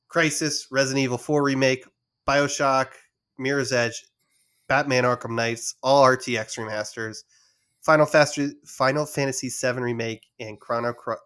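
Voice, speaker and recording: A man's voice: medium pitch, a bit bright. A man hosting a casual gaming podcast, rambling and reading out a list of rumored titles with frequent restarts. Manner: rambling, reads out lists with restarts. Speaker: podcast host. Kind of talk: casual chat about game news.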